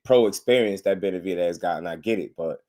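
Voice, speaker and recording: A man's voice: low-pitched, quick pace. Laughing, slangy man talking boxing. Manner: laughs often, slangy and animated. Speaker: boxing commentator. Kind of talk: casual boxing commentary on a live stream.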